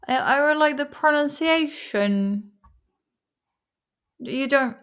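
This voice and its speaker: Slow, playful woman thinking aloud. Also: high voice. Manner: playful, rambling, sounds out words repeatedly. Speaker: vlog host studying vocabulary. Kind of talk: casual study-along chat.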